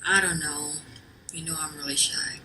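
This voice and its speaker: A woman voicing a shy, insecure teenage girl who speaks softly and hesitantly. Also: deep voice, steady tone, moderate pace, a little hiss or hum, voice pushed down, low-quality recording. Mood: timid. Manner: soft, hesitant, mumbling.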